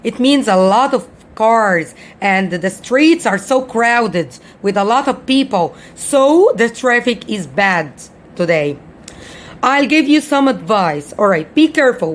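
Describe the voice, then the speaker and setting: A woman with Arabic as her first language gives a casual English lesson at a middle pitch. She talks slowly, repeats each example and often pauses with fillers. A faint hiss of noise sits behind her voice. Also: expressive. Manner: slow, repetitive explaining with many fillers. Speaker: English teacher.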